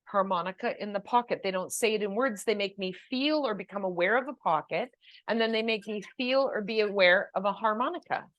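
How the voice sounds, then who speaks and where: A woman's voice: mid-range voice, a little fast, fairly bright tone, no echo, muffled recording. A woman co-hosting a casual chat, patiently explaining spirit communication with leading questions. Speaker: medium, co-host.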